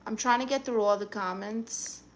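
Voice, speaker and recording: A woman's voice: on the high side, moderate pace, slight background noise. A woman hosting a live stream, reading viewers' comments aloud and answering them in a sassy, blunt, teasing way.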